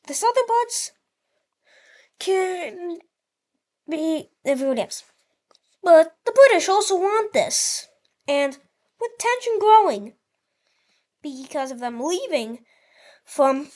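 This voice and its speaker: A woman talks through an imagined history of the world in casual, rambling narration, often restarting her sentences. Her voice sits high, and it leaps up and down animatedly as she goes. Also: a little mellow. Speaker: channel host.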